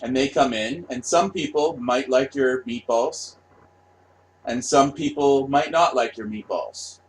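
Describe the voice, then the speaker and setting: A man's voice: medium pitch, unhurried, slight background noise. Brief: a man ranting on camera, sarcastic and crude, repeating words over and over. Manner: profane, repetitive, sarcastic. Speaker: vlogger. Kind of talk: casual rant.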